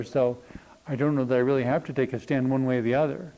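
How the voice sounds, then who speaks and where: A man hosting a reflective talk on spirituality, thinking aloud with many pauses and fillers. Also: medium pitch, steady tone, darkish tone, low-quality recording. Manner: thoughtful, unhurried, many ums and pauses.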